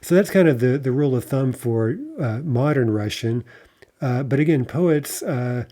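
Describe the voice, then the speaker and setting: A man teaching a lesson on reading poetry aloud, explaining step by step with frequent fillers and checking in with "right?", slowing down to recite lines carefully. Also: medium pitch, warm tone. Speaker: Russian language teacher.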